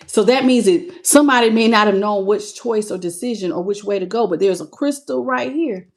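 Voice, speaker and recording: A woman reading tarot cards live on her channel, greeting viewers by name and calling them baby with animated excitement. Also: medium pitch. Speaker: tarot reader.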